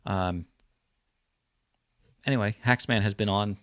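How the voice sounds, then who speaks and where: A man's voice: lowish voice, takes it slowly, no echo, clean studio sound. A man from New Jersey hosting a casual livestream, chatting loosely with lots of fillers. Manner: rambling, friendly, lots of fillers. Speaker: livestream host.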